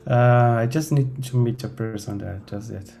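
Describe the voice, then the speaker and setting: A man's voice: medium pitch, gravelly, mellow. A man playing a stammering, nervous mercenary. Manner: hesitant, stammering. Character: nervous evasive young male mercenary. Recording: faint music behind.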